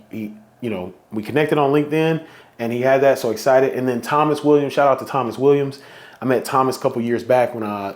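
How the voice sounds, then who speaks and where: A man's voice: mid-range voice, darkish tone. A man hosting a solo podcast, talking casually and with feeling, at times close to getting emotional. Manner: heartfelt, emotional, conversational. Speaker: podcast host.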